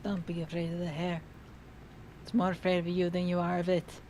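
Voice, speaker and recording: A woman's voice: lowish voice, completely flat delivery, fairly quick, a little mellow, slight background noise. A woman chatting on a stream, teasing and swearing freely and laughing a lot. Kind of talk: casual chat.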